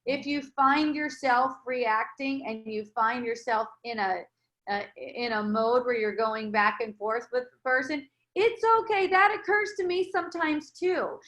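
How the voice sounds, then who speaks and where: A woman leading a casual spiritual dialogue, speaking gently and reassuringly with many restarts. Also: a little high, unhurried. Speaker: spiritual teacher.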